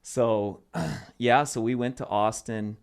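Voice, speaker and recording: A man's voice: medium pitch, takes it slowly, gravelly, clear, resonant tone. A young man from Arizona, a guest comedian, telling stories in a casual podcast chat with loose fillers. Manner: animated storytelling with loose fillers.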